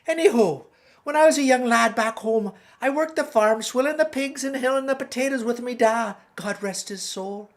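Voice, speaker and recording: A woman's voice: a little high, normal speed, close to an everyday voice. Robbie, a woman playing a folksy Irish farmer. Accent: stage Irish. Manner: folksy, rambling storyteller. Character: chatty middle-aged male Irish pig farmer. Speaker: guest host. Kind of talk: comic monologue in character.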